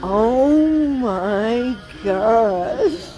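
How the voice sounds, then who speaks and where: A woman, chatting excitedly in a casual vlog while walking through a large store, laughing often. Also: on the high side, drawn-out words, low-quality recording. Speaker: vlogger. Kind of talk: casual shopping vlog chat.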